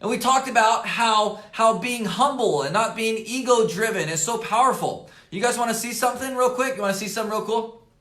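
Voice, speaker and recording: A man coaching on camera from his office desk, slightly hoarse, talking emphatically, repeating key points and dropping "right?" and "okay?" between phrases. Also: high-pitched. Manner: energetic and emphatic, fills pauses with "right?" and "okay?". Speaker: network marketing coach. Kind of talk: motivational coaching talk to camera. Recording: roomy echo.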